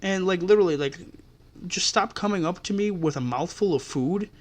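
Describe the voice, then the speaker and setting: A man's voice: sits high, a little fast. A man hosting a podcast, telling customer-service stories in an exasperated, profane rant. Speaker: podcast host. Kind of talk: ranting storytelling.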